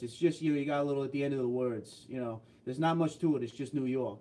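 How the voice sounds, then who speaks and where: Talking fast with few pauses, a man from New Jersey hosts a casual livestream, joking around as he reads and replies to viewer comments. His voice is mid-range with a dark tone.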